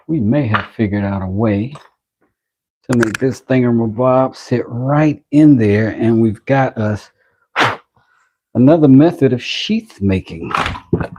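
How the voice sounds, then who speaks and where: A man's voice: mid-range voice, lively intonation, slow, long pauses, a little mellow, a little hiss or hum. A man talking to himself and his viewers while working on a project, rambling and joking as he goes. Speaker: maker filming his workshop. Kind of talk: casual workshop vlog.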